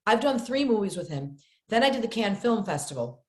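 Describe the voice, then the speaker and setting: A middle-aged woman from upstate New York, an actress telling stories as a podcast guest in a lively way, often acting out the voices of the people she quotes. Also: medium pitch, a little fast. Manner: lively, acts out quoted voices, repeats words for emphasis. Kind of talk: animated storytelling in conversation. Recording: roomy echo.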